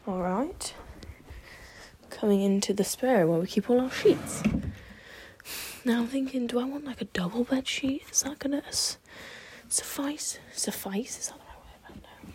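A woman's voice: a little high, moderate pace, long pauses, a little mellow, slight background noise. A young British woman with a slight cold, chatting to herself and her pets at home as she works on a task, often dropping into whispers. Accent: British English. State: slight cold, a bit out of breath. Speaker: vlogger. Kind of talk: casual solo vlog while building a blanket fort. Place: at home indoors.

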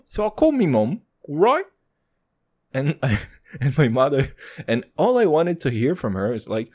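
A young man from Israel hosting a casual solo podcast, rambling and joking with constant swearing and sudden pitch jumps. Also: very animated, normal speed. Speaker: podcast host.

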